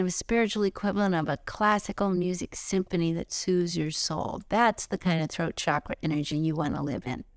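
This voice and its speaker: Gravelly low-pitched woman teaching spirituality. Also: dry recording, studio quality. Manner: expressive, swings into high excited bursts and soft whispers. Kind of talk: spiritual lesson talk. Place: outdoors.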